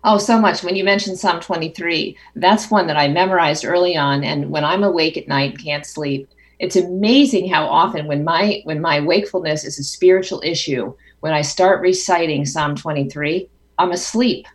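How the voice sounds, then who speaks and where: A middle-aged woman speaks as a guest in a conversation, thoughtful and earnest, often circling back to restart a phrase. Her voice sits somewhat low for a woman. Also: normal speed. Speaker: author and guest. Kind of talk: phone interview conversation.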